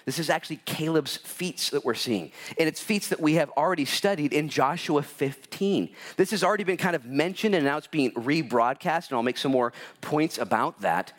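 Animated, higher-voiced man preaching. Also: moderate pace, hardly any pauses. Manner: animated, lively storytelling with big swings in pitch. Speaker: pastor. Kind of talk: sermon with personal storytelling. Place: church sanctuary.

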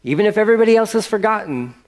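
A man preaching a sermon in a lively, conversational way, acting out little asides. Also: high voice, racing. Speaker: pastor.

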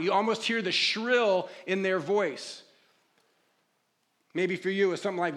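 Bright, high-voiced man preaching. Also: normal speed. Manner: conversational preaching, acts out pleading prayers, drops to quiet reflective tone. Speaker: pastor. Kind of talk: sermon.

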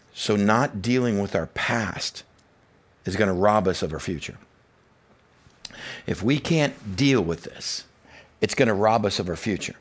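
Man preaching a sermon, hushed then rising. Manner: shifts between hushed, low asides and loud, rising preaching; acts out inner voices and quoted speakers. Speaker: pastor.

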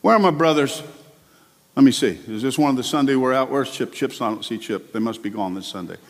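A male pastor preaching a sermon with passion, his delivery swinging between quiet asides and loud climbs. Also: medium pitch, a little fast, in a large hall.

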